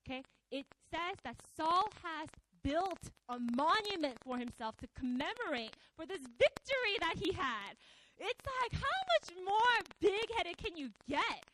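Animated woman preaching, high lively voice. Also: a little slow, noisy background. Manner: animated, conversational, acts out the quotes. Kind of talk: sermon.

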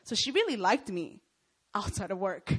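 A woman's voice: mid-range voice, normal speed, husky. A young woman giving a sermon to students, telling stories with lots of energy and often checking in with her listeners. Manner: animated storytelling, often checks in with "Okay?" and "Right?". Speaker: speaker at a Christian student gathering.

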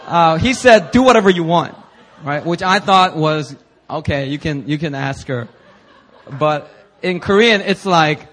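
A young adult man preaching, telling a personal story with lively energy and acting out the people he quotes. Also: a little high, a little slow. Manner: animated storyteller, acts out quoted voices. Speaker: pastor.

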